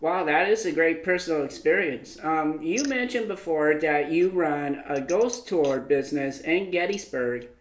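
A man's voice: on the high side, unhurried, few pauses. A man hosting a paranormal interview, asking encouraging questions with hesitant "uh" fillers. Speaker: paranormal show host.

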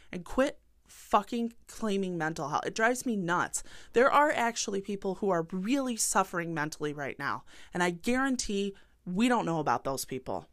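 A young adult woman hosting her own podcast, talking bluntly and passionately and swearing freely, then winding down into a warm sign-off. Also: medium pitch, dry recording, clean studio sound. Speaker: podcast host. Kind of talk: solo podcast rant and sign-off.

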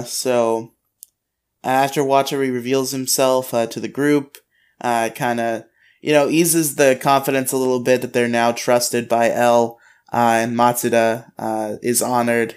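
A man co-hosting a casual podcast, recapping the plot in a relaxed way with plenty of fillers. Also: mid-range voice, measured pace, clear, resonant tone. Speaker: podcast co-host recapping episodes.

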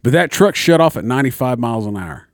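A man's voice: medium pitch, expressive, fast, no room sound, clean studio sound. A young man, a little tipsy, telling a long profane story in casual chat. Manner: rambling, profane storyteller, acts out voices. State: slightly tipsy.

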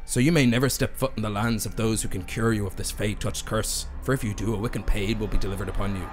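A man's voice: fairly low pitch, fairly even intonation, quick pace, over music, voice pushed down, close to an everyday voice. A man voicing a cursing fey spirit inside a character's head, with a put-on Scottish accent and solemn, archaic speech. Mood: ominous. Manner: solemn, archaic curse-speaking.

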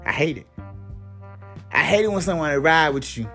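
A man's voice: on the high side, lively intonation, moderate pace, a bit bright, breathy edge, faint music behind. A man doing a comedic rant to camera, profane and exasperated, with a repeated catchphrase. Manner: profane, exasperated, mock-outraged; repeats a catchphrase between bits. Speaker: vlogger.

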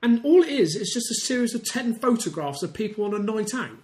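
English man, hesitant giggly co-host, high animated pitch, roomy recording. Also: fairly quick. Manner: hesitant, giggly, lots of restarts. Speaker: podcast co-host. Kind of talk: casual chat. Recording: echoey room.

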